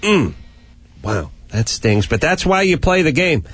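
A man's voice: fairly high pitch, sing-song, fairly bright tone, husky, faint music behind. A man hosting a talk show, bantering in a wry, sarcastic way. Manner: wry, sarcastic, quick quips. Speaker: radio show host.

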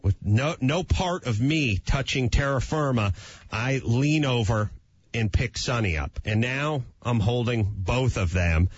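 A man, a talk show guest, telling a playful, self-mocking comic anecdote in a husky voice. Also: medium pitch, measured pace, no echo, highs cut off.

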